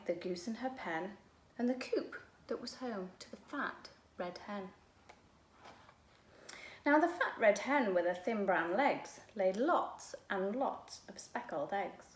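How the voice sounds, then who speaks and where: A woman reading a children's picture book aloud with slow, expressive storytelling. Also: mid-range voice. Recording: echoey room with faint background noise.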